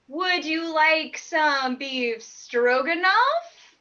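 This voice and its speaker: A woman improv performer who gushes excitedly during a comedy scene. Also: very high-pitched, takes it slowly, lo-fi sound. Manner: gushing and excitable.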